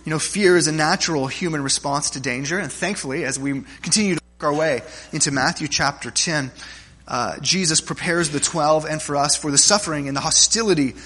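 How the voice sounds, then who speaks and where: A man's voice: fairly high pitch, brisk, pushed and bright, breathy edge. A man preaching a sermon to his congregation, conversational and joking, often checking in with "right?" and restarting his phrases. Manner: humorous stories, frequent restarts. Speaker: pastor.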